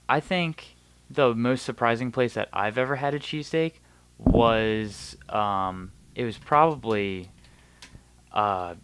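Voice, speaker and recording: A man's voice: mid-range voice, fairly bright tone, clear, resonant tone. A man as a guest in a casual chat, talking bluntly and swearing offhandedly.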